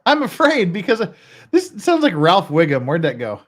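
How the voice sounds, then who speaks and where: A man's voice: high voice, huge pitch swings, moderate pace. A man from Utah commenting sarcastically on police footage, joking and laughing often. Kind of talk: live-stream commentary.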